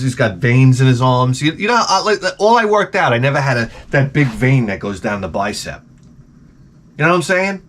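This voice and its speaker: A man's voice: mid-range voice, a bit bright, a little hiss or hum. Profane Long Island man ranting. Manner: profane, sarcastic, rambling. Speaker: vlogger. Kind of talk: ranting comedic storytelling.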